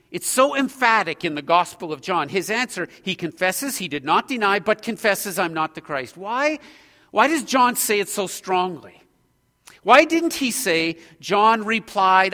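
Bright, emphatic male preacher in a hall. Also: a little high. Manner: earnest, emphatic, rising in intensity when pressing a point. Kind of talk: expository sermon.

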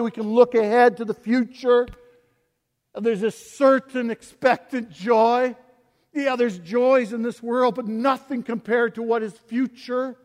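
High-voiced preacher in a reverberant hall. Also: male voice, steady tone, measured pace. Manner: impassioned preaching, swings from soft to loud, repeats rhetorical questions. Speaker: pastor. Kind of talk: sermon.

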